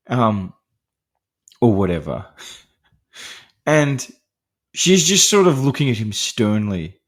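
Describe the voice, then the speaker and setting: A man's voice: on the low side, very animated, takes it slowly, pauses often. A man hosting a podcast, talking through a film in a casual, rambling way with many fillers and restarts, laughing lightly between points. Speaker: podcast host discussing horror films.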